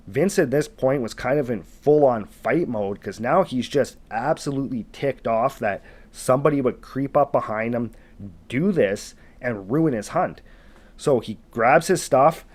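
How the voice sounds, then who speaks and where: A man narrating a retold wilderness encounter in a casual, conversational way, building suspense as he goes. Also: mid-range voice. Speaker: storytelling channel host. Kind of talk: narrated retelling of an encounter story.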